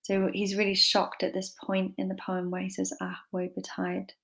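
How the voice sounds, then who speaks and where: A woman's voice: mid-range voice, monotone, normal speed, vocal fry, a bit bright. A woman giving a casual online English literature lesson, chatty and informal with lots of fillers and some self-deprecating humour.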